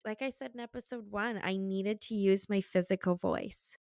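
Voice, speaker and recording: A young woman hosts a relaxed podcast conversation, speaking candidly and chattily with plenty of "like" fillers and quick laughs. Her voice is smooth and resonant at a mid pitch. It is recorded close and dry, with no room sound. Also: dry recording. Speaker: podcast host. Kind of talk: casual conversational interview.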